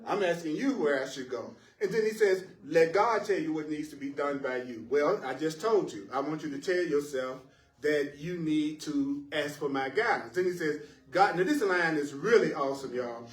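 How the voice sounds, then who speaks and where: A man teaching a live spiritual class to listeners in the room, animated and playful, laughing at his own jokes and repeating phrases for emphasis. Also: on the high side, moderate pace. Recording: roomy echo, voice picked up from a distance.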